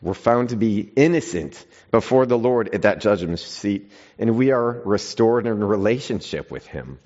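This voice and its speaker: A man with a fairly low voice delivers a sermon, leaning hard on key words and pausing before quiet, weighty phrases. He turns to his congregation with casual, conversational asides. The recording sounds muffled and lo-fi. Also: lively intonation. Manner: emphatic scripture reading with long pauses and sudden quiet stresses. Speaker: pastor. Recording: dull lo-fi sound.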